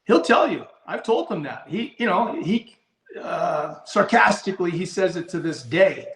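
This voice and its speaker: A man's voice: high-pitched, sing-song, measured pace, fairly bright tone, echoey room. A man who breeds and handles racing pigeons, talking in a rambling, blunt way, restarting his sentences, in a casual live discussion.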